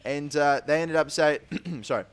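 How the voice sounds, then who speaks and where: A young man giving casual, rambling let's-play commentary on a football video game, getting excited during the action. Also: a little high, normal speed, clean tone, faint music behind. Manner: rambling, repeats "but still" and "to be completely honest"; gets excited calling match action. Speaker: gaming YouTuber.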